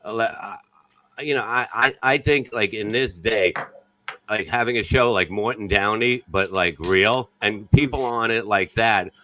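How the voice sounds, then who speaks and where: Brash comedian, deeper voice, emphatic and profane, casual chat. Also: male voice, measured pace, pushed and bright, rough recording. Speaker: comedian guest.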